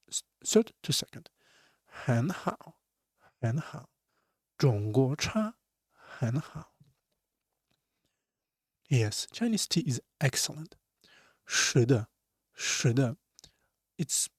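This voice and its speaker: Male language teacher, slow deliberate drills with swooping tones; dry recording. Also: medium pitch, a little mellow, no room sound. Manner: repeats each word slowly, drawn-out Chinese tones. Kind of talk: slow language lesson explaining words.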